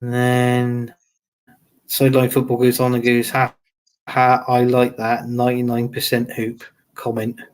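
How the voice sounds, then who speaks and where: A man's voice: medium pitch, completely flat delivery, a little slow. A man hosts a football show, reading out viewer comments. He keeps it loose and chatty and laughs often. He repeats his phrases as he goes. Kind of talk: casual live-stream chat, reading viewer comments.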